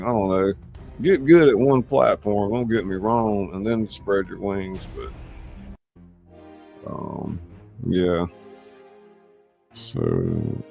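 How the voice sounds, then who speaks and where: A man with a low, gravelly voice hosts and narrates a homemade radio-play reading, shifting between casual, rambling chat and scene narration. His pitch moves about a lot, and faint music sits underneath. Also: dark tone. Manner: rambling, with many fillers. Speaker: host and narrator.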